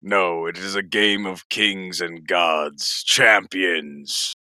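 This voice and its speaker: A man voicing a cryptic, godlike male emperor in a tabletop role-play, speaking in grave, measured pronouncements. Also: low-pitched, fairly even intonation, pushed and bright, no room sound, clean studio sound, voice pushed down, exaggerated voice. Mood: solemn.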